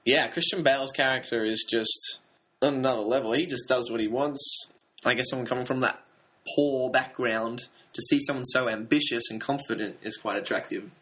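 A man weighs up a film in a casual, thoughtful way, pausing on fillers as he searches for words. His voice is bright and forceful, at an ordinary pitch for a man. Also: steady tone, low-quality recording. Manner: hesitant, thoughtful, frequent fillers. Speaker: podcast co-host. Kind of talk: casual film review chat.

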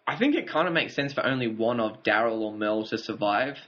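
A man's voice: mid-range voice, lively intonation, a little fast, fairly bright tone. A man co-hosting a casual TV review chat, recapping the plot and chuckling now and then. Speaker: podcast co-host. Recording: dull lo-fi audio.

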